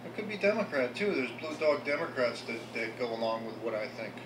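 A man's voice: mid-range voice, a little fast. A man running for local office, giving an unprepared, earnest speech to a meeting and often stumbling over repeated words. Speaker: local political candidate. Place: restaurant meeting room. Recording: echoey room with background noise.

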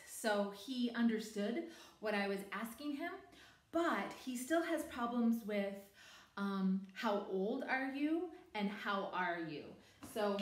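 A woman and online English teacher, chatting casually in a vlog about her lessons. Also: mid-range voice. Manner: chatty, animated, over-enunciates with the student. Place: home teaching room. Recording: roomy echo.

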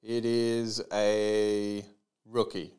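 Guy doing a live card break, reads off names and numbers, unhurried, smooth clear voice, chats with viewers between pulls. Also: lowish voice, completely flat delivery, darkish tone. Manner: rattles off player names and numbers, chatty asides to viewers. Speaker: trading card break host.

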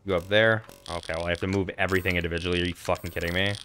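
A man's voice: deep voice, fairly even intonation, rapid-fire, bright, forceful tone, slight background noise. A man commentating on his video game playthrough in a casual, profane way, talking to himself as he plays. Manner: casual, profane, talks to himself while playing. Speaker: gaming channel host. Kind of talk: let's play commentary.

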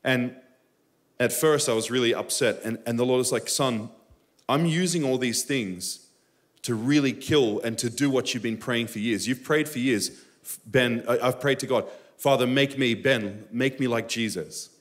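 Impassioned man preaching a sermon. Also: normal speed. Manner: impassioned, rising to emphatic high bursts, with personal stories. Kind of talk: live Sunday sermon. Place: church sanctuary during a live service.

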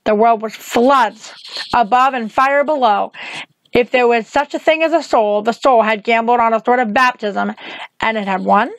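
A woman reads a novel aloud in a measured, steady way. Her voice sits a little high. The recording is close and dry, with no room sound. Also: dry recording, poor audio. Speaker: reader.

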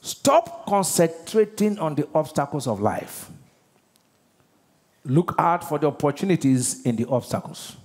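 A man's voice: a little high, very animated, unhurried, a little mellow. A Nigerian man preaching a sermon as pastor, emphatic and constantly quizzing his congregation. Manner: emphatic, keeps asking the congregation questions. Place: large church auditorium. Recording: long reverb of a large church hall.

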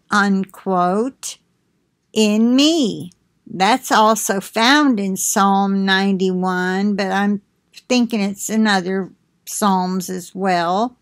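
Woman reading messages very slowly. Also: medium pitch. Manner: very slow, deliberate reading, breaking into quicker explanatory asides. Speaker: reader of prophetic messages. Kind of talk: slow devotional reading with asides.

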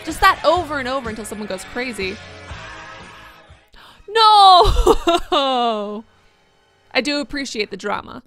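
A playful woman with a high, bright voice talks casually through a video game and jokes as she plays. Soft game music runs quietly underneath. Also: animated. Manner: playful, jokey, quick to exclaim. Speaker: let's play host. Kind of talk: casual gameplay commentary.

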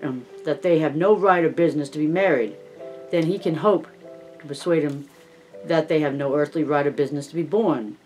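A man reading an audiobook, voicing a sour gentleman who lectures sharply on economics and groans with exasperation. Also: a little high, fairly quick, faint music behind, lightly acted, poor audio. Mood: exasperated.

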